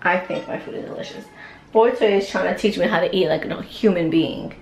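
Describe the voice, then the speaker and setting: A woman's voice: lowish voice, brisk, a little mellow. Giggly young woman filming at home. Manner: giggly, teasing. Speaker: vlogger. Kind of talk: casual family vlog chat. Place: home, indoors. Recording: echoey room, faint noise.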